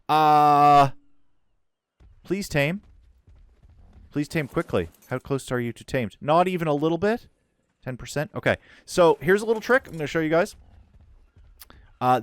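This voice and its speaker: A man commenting on his own gameplay in a casual, excitable way, sinking to quiet murmurs and leaping up when things happen. His voice sits at an ordinary pitch. It is recorded dry and close, with no room sound. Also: no echo. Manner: excitable, swings from hushed to loud. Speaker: let's play host.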